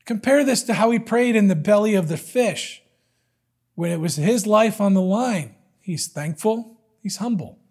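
A man's voice: high voice, expressive, measured pace, darkish tone, husky. A man preaching a sermon in an earnest, emphatic way, repeating key words for weight.

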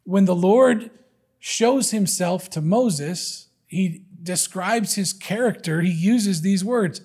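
A man's voice: high voice, takes it slowly, darkish tone, husky. A man preaching a sermon in an earnest, emphatic way, repeating key words for weight.

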